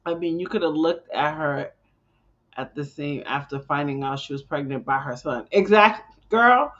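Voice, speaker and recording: A woman's voice: low voice, moderate pace, a bit bright, lo-fi sound. Exasperated woman rambling on a live stream. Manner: rambling, exasperated, lots of restarts. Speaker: live stream host reacting. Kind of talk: live reaction chat.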